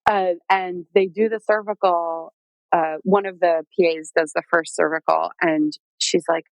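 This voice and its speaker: A woman with a fairly low voice tells her story casually, filling her talk with "like" and "um" and acting out what people said. The sound is close and dry, with no room around it. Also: normal speed, no echo, poor audio. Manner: chatty, lots of "like" and "um", animated quoting. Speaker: podcast guest telling her birth story.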